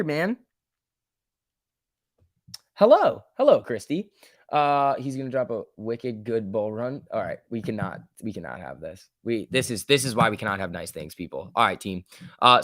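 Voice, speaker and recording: A young man hosts a stock trading livestream in a casual, joking way, reading the chat aloud. His voice sits at a middle pitch and swings between loud bursts and soft asides. The sound is dry and close, with no room echo.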